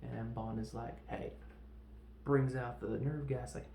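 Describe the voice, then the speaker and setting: A man's voice: medium pitch, steady tone, normal speed, gravelly, warm tone. A man casually recapping a film as a podcast host, rambling and acting out characters' lines with sound effects. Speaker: podcast host reviewing films. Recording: roomy echo, faint background noise.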